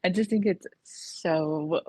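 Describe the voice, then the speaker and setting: Low husky woman, muffled dry sound. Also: takes it slowly, dry recording. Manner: relaxed, says dude. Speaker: podcast co-host. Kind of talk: casual chat.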